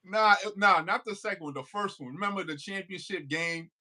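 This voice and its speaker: Casual podcast co-host, high-pitched male voice, laid-back slangy delivery. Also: brisk, pushed and bright. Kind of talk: casual chat.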